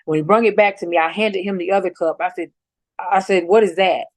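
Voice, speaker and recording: A middle-aged woman slowly recounting a painful personal experience, halting and restarting often. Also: fairly low pitch, fairly even intonation, no echo. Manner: slow, halting retelling with many restarts and fillers. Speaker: mother telling her story as a guest. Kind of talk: emotional personal account.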